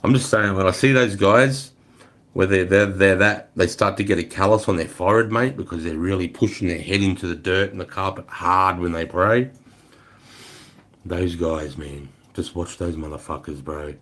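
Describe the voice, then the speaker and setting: A man's voice: sits low, moderate pace, fairly bright tone. Profane Australian man in his forties. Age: 40s. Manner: loose and profane, peppered with mate and bro. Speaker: livestream host. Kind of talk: casual livestream chat, answering viewers.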